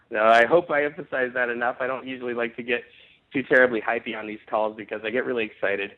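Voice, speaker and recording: A man hosts a network marketing conference call and gives an emphatic, upbeat sales pitch. His mid-pitched voice comes through a thin, tinny phone line. He often restarts his sentences as he pushes his points. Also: fairly even intonation, quick pace.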